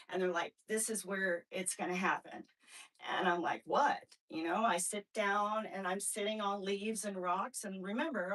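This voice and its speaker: A woman's voice: mid-range voice, fairly bright tone, far from the mic, poor audio. A middle-aged woman telling a personal spiritual story on a livestream, rambling and earnest, often addressing viewers directly. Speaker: livestream host. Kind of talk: emotional personal testimony.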